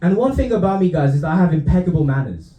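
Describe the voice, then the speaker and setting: A young Romanian stand-up comedian performs his routine for a comedy club crowd, chuckling at his own punchlines and slipping in dry asides. His warm, mellow voice is on the high side, animated and fast, swinging up and down, while the stage mic catches the room's echo.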